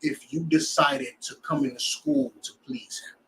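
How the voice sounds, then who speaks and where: A man's voice: fairly high pitch, steady tone, measured pace, far from the mic, crowd noise, poor audio. A man teaching a scripture class in a blunt, preachy way, full of rhetorical questions.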